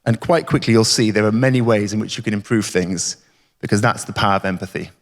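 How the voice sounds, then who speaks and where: A man's voice: fairly low pitch, quick pace. A man giving an emphatic, rhetorical conference talk. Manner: emphatic, rhetorical, repeats catchphrases. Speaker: conference speaker. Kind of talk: keynote talk. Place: conference hall. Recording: reverberant hall.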